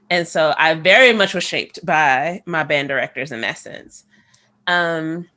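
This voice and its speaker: Bright-voiced lively woman teacher. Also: lowish voice. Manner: lively, laughs often, quick asides. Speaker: podcast co-host, music teacher. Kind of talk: casual podcast chat.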